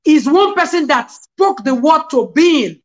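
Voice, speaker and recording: High-voiced woman telling stories on a call. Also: measured pace. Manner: animated storyteller, quotes scripture. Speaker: guest. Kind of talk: casual interview, personal testimony. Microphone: video call.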